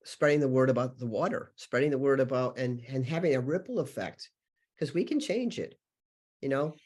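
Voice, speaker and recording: A man's voice: medium pitch, fairly quick, a little mellow. A man guest on a spiritual podcast, telling stories earnestly and rambling with many fillers. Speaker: podcast guest, healer and channeler. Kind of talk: spiritual interview conversation.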